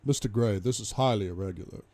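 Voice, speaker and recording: Polite stiff banker guy on the phone, warm low tone, reader voicing him. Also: fast, lightly acted. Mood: formal. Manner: courteous, formal phone manner. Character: polite, formal middle-aged male bank manager.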